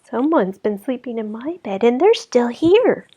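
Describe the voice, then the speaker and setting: A woman voicing a tiny baby bear in a storybook reading, crying out in a small, high voice. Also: big pitch swings, a little slow, mellow, husky, muffled recording, exaggerated voice. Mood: upset.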